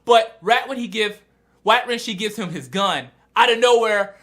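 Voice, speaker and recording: An excitable man talks through a manga chapter in a loose, casual review, acting out the scenes as he goes. His voice sits high for a man and has a bright, forceful edge. He swings easily between chatty explaining and loud reactions. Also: moderate pace. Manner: animated and excitable, acts out scenes. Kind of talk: casual video review chat.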